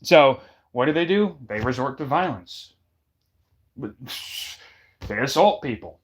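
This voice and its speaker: A man's voice: medium pitch, lively intonation, takes it slowly, slightly rough. A man in casual chat, emphatic and repeating his points for effect.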